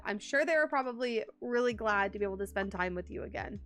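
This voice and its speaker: A young woman from Texas streaming a game from home, chatting warmly and answering her viewers. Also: medium pitch, expressive, fairly quick, few pauses, faint music behind. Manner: chatty and warm, reads and answers chat. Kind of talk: casual live-stream chat.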